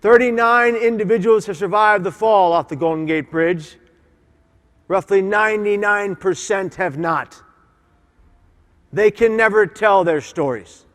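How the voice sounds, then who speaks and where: A man's voice: high-pitched, unhurried, fairly bright tone. A man giving an impassioned, emphatic motivational keynote speech, having the audience repeat lines after him, in a large conference hall. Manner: impassioned, emphatic, leads audience call-and-response. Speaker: keynote speaker. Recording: long hall reverb from conference hall.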